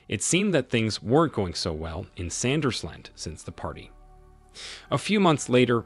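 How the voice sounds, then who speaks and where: A man narrating a scripted first-person story in a measured, expressive reading. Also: fairly low pitch, husky.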